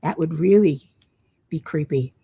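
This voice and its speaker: Tired lady doing a craft live stream, talks slow, mellow voice, reads out chat comments. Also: sits low, slightly rough. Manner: chatty, reads viewer comments aloud. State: tired, yawning. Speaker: crafting livestream host. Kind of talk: casual live chat with viewers.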